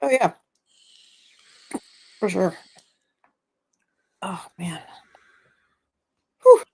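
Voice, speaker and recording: A man with a gravelly, fry-edged voice co-hosts an online talk show. He tosses in offhand remarks and laughs often. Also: high voice, expressive, very slow, a little mellow. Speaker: co-host. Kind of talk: casual chat.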